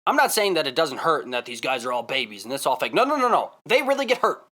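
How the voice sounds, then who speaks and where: An excitable man tells a story straight to the camera, his pitch leaping up and down as he talks. His voice is bright and forceful, and he keeps coming back to the same point with emphatic repeats. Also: quick pace. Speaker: vlogger.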